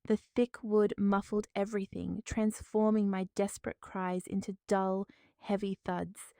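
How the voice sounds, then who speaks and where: A woman narrating a dramatic first-person story in a measured, formal way. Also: mid-range voice, level tone, creaky, mellow, clean tone, no echo.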